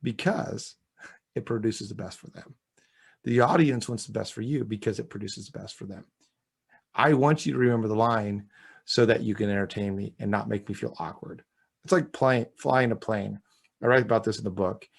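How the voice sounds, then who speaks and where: Gravelly, husky male speaking coach. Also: fairly low pitch, normal speed. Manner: energetic, emphatic, coaching tone. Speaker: communication coach, guest. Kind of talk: interview chat.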